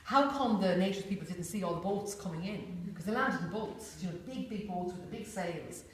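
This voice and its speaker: A woman's voice: fairly low pitch, animated, fairly quick. Woman teaching in an echoey room. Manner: chatty, many "you know"s, acts out little voices. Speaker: workshop facilitator. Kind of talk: informal workshop talk. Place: large echoey room with a group. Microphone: distant room mic. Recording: echoey room, far from mic, faint hiss.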